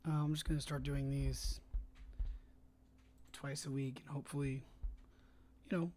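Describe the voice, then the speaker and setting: Flat-voiced streamer chatting while editing. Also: mid-range voice, measured pace, a little hiss or hum. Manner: rambling, hesitant, many fillers and restarts. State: talking around a cough drop. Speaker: livestreamer and fan filmmaker. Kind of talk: casual livestream chat while editing. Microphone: desk microphone, tested on stream.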